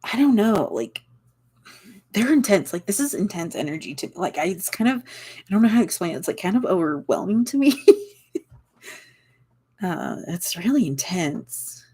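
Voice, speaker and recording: A woman's voice: on the low side, big pitch swings, normal speed, long pauses, mellow, husky. A young woman giving a casual tarot reading, rambling and searching for words with many fillers and little laughs. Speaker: tarot reader.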